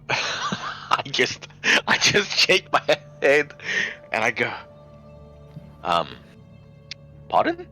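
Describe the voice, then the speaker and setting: Man player, animated and bright, rambling amused asides. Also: on the high side, very slow, soft background music. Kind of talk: casual tabletop game chat.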